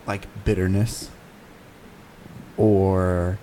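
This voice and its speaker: Easygoing lower-voiced man explaining things. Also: flat delivery, extremely slow, mellow, a little hiss or hum. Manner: easygoing, explaining, many fillers. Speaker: podcast co-host. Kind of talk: casual chat.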